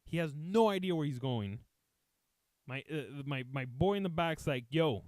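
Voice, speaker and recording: A man with a slightly high voice tells a rambling comic story, swearing freely and acting out each person's lines. He slips back and forth between English and Spanish, and the close mic sounds dry, with no room around it. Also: moderate pace, dry recording. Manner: profane, animated, acts out quotes, switches between English and Spanish. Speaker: podcast host telling a story.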